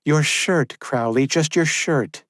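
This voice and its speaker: A man voicing a fierce, caring young woman medic in an audiobook, raising his voice higher for her. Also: slow pace, no echo, studio quality. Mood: urgent, teasing. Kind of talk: audiobook character reading.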